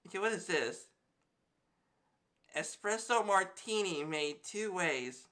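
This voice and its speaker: A streamer talks over videos in loose, rambling commentary, full of fillers and little laughs. The tone is bright and sharp at a middling pitch. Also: animated, slow. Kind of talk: casual reaction commentary.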